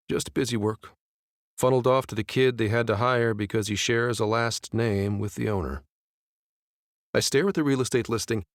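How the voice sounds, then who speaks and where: Low-voiced man narrating a wry audiobook. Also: no echo, studio quality. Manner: casual, wry conversational storytelling. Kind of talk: first-person romance audiobook narration.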